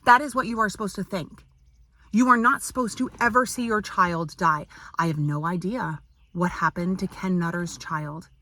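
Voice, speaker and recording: A woman's voice: on the low side, moderate pace, bright, forceful tone. A woman vlogger ranting to camera in an indignant, exasperated tone, firing off repeated rhetorical questions. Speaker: parent and business owner.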